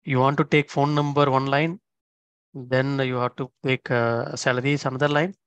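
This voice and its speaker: A man's voice: mid-range voice, no echo. Man teaching code step by step. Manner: explains step by step, often checking in with "okay?". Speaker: instructor. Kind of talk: screen-recorded coding tutorial.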